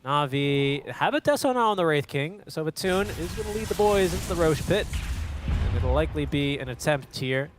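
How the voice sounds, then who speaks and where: Excitable male play-by-play caster. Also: on the high side, background noise. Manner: excitable, quick play-by-play with chuckles. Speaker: esports caster. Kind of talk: play-by-play commentary.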